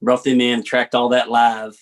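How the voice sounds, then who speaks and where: A man's voice: medium pitch, monotone, unhurried. Laid-back Southern country singer man. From United States. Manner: laid-back drawl, says "man" a lot. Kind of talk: casual interview chat.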